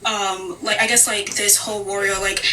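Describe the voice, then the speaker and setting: A woman's voice: mid-range voice, little pitch movement, moderate pace, bright, forceful tone, slight background noise. A woman on a live-stream panel who rambles, with lots of "like" and "um". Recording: distant from the mic.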